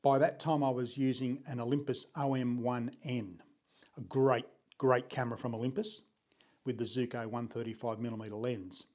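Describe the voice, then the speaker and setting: An older man with an Australian accent, from Sydney, telling his photography story in an unhurried, earnest vlog, often clearing his throat. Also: mid-range voice, little pitch movement, darkish tone.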